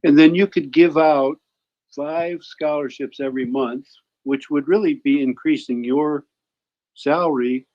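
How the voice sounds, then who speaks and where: A man's voice: a little high, steady tone, a little slow, darkish tone. Man on a dull lo-fi call line. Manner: talks in long run-on suggestions with restarts. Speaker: guest teacher. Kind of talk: casual chat.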